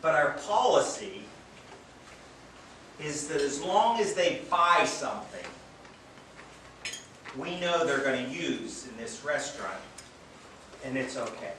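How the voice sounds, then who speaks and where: A man's voice: fairly high pitch, sing-song, takes it slowly, long pauses, sharp tone. Earnest man telling stories in a very echoey event space. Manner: earnest storytelling with light self-deprecating humor. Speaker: treatment center director giving a speech. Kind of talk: public speech at a charity event. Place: event venue, indoors or under a tent. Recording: very echoey, distant from mic, noisy.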